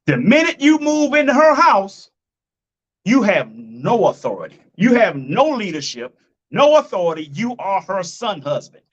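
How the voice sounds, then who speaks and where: A man delivers preachy relationship commentary in a blunt, profane way, hammering each point home with repetition. His voice sits high for a man. The recording is dull and lo-fi. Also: wildly swooping pitch, moderate pace. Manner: addresses listeners as folks and family.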